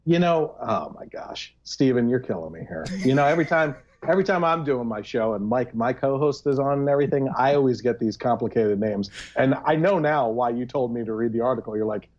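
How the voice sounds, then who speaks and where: A man's voice: medium pitch, expressive, brisk, few pauses, darkish tone, highs cut off. A man co-hosting a casual chat show, often laughing as he reads aloud. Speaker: podcast co-host.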